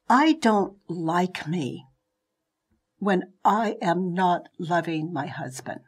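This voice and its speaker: A woman speaks slowly and gently in a breathy voice, giving a reflective spiritual teaching. Her words often sink into soft whispers. This is a clip played from an online video. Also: fairly low pitch, animated.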